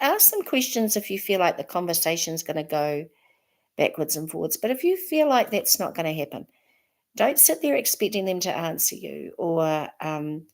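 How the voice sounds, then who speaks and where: Woman, New Zealand accent, slightly low voice, warm encouraging vlog chat. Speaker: vlogger. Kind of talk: casual chat to camera.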